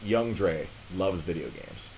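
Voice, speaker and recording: Animated, profane middle-aged storyteller man. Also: low-pitched, unhurried, slight background noise. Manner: animated, profane, self-mocking. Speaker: podcast host. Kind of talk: casual storytelling.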